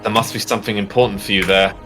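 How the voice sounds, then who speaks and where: A small, kind girl speaks in an earnest, gentle way, as a man voices her in his own voice for a tabletop game. The tone is bright. Soft music plays behind. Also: lowish voice, fairly even intonation, very fast, lightly acted.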